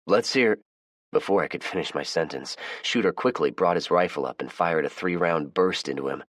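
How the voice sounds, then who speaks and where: A man narrating a first-person audiobook in a measured, plain storytelling manner. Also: very deep voice, a bit bright, no echo, clean studio sound.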